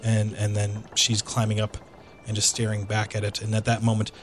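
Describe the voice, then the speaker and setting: A man's voice: lowish voice, monotone, a little hiss or hum. A man narrating as game master of a tabletop game, often restarting and filling with ums. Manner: halting, restarts with fillers.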